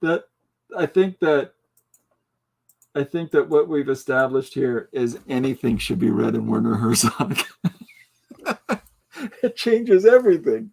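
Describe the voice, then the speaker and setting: A man's voice: medium pitch, steady tone, a little slow, vocal fry, long pauses, darkish tone. A man hosting a casual livestream podcast, joking, laughing often and reading out viewer comments. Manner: jokey, tries out voices mid-talk. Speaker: podcast host.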